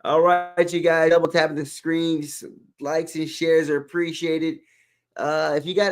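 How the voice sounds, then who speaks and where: A man's voice: a little high, steady tone, moderate pace. Upbeat livestream host man from Texas. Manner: upbeat, repeats calls to tap the screen. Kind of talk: casual livestream chat.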